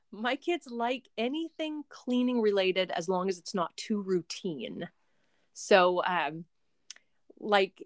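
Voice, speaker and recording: A young woman talking as an interview guest, a homeschooling mother who rambles happily through her answers with lots of fillers and restarts. Her voice sits at an ordinary pitch and sounds dry and close, with no room echo at all. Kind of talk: casual interview chat.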